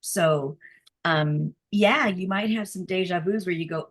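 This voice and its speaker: A woman sharing her views in a casual group video chat, telling stories with animated, excitable energy. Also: lowish voice, a little slow. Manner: animated, excitable storytelling with laughs. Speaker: discussion participant.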